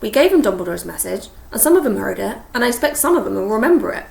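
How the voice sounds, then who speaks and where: A woman voicing a huge gruff half-giant groundskeeper with rough country speech. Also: mid-range voice, very animated, fast talker, a little mellow, roomy sound. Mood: weary.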